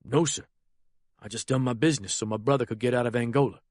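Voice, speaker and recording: A man's voice: mid-range voice, fast talker, a little mellow, no room sound, clean studio sound, natural voice. A man voicing a nervous young courier. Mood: anxious. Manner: eager, nervous, rustic drawl. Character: simple frightened young male drug courier.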